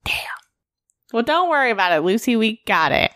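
A woman's voice: fairly high pitch, sing-song, fairly quick, fairly bright tone, no echo. A woman playing a character at a tabletop game, teasing and given to dramatic complaints. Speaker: player.

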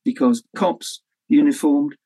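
An older man, an author telling lively anecdotes in an interview and acting out the people he quotes. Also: fairly high pitch, measured pace, low-quality recording. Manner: animated, acts out quoted voices with swearing and laughs. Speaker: author guest. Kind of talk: anecdotal storytelling.

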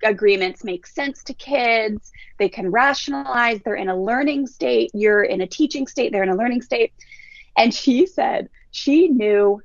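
Gravelly-voiced woman parenting coach. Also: fairly high pitch, unhurried, no echo, lo-fi sound. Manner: storytelling, animated quoting of others. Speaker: parenting coach and podcast guest. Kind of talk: casual podcast chat.

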